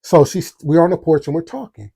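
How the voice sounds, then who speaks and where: An animated man hosting a storytelling podcast, talking straight to his listeners and acting out what others said. His voice is a bit higher than most men's but warm and mellow in tone. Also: fairly quick, gravelly, husky. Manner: animated, talks to the audience, acts out quotes. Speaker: podcast host.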